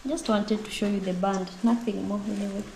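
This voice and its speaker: A young woman with a Kenyan accent cooks and chats straight to her viewers in a village home. Her voice carries an echo. Loud noise sits behind her. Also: medium pitch, fairly even intonation, fairly quick, gravelly. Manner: chatty, addresses viewers directly. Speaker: vlogger. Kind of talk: casual cooking vlog. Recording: echoey with loud background noise.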